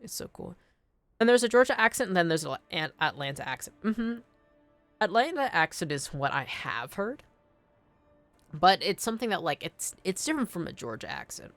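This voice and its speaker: A woman's voice: lowish voice, sing-song, normal speed, no echo, soft background music. A young woman streaming a video game, chatting casually, thinking aloud and answering her chat. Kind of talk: casual gameplay commentary.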